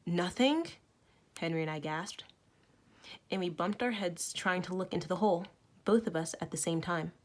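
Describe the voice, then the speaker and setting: A woman teacher with a low voice reads a novel aloud to her students at a moderate pace, expressive and making small self-corrections. It was recorded at home for online learning.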